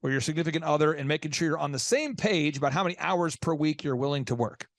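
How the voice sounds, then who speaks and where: A man hosting a business interview show, asking pointed questions in an energetic, teasing, emphatic way. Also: on the high side, quick pace, no echo, clean studio sound. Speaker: business podcast host.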